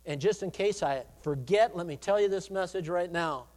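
High-voiced preacher man in a reverberant hall. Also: normal speed. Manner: swings from loud emphatic preaching to quiet asides. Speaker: pastor. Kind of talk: sermon. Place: church sanctuary.

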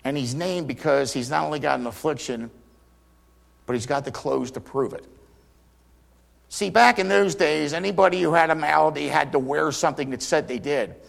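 A man preaching a sermon, retelling scripture stories dramatically and voicing the people in them, swinging from loud cries to near whispers. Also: fairly high pitch, normal speed, vocal fry. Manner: dramatic storytelling, acting out quotes with big swings in volume.

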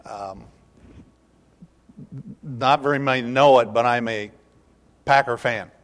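A man's voice: medium pitch, slow, fairly bright tone. Storytelling male pastor in an echoey hall. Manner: humorous storytelling. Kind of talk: sermon. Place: church.

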